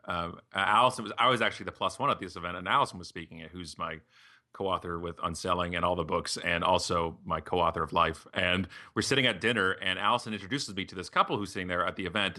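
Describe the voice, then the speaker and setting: A middle-aged man talks in a lively, storytelling way, slipping into put-on voices for the people he quotes. His voice sits low but sounds bright and forceful. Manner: animated, acts out quoted voices when telling stories. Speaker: podcast guest, author. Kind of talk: casual storytelling conversation.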